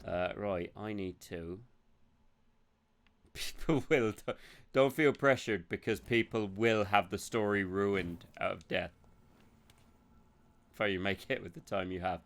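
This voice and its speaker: Male streamer, smooth low-leaning voice, rambling, sweary, joking. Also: takes it slowly, pauses often, a bit bright. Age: adult. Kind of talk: live gameplay commentary.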